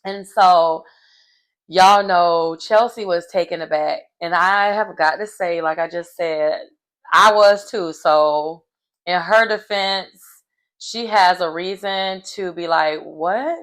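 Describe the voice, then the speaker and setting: A woman talks straight to her viewers, recapping reality TV drama in a casual, chatty way. She's gossipy and emphatic. Her voice leaps high when she's shocked. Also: steady tone, slow, fairly bright tone.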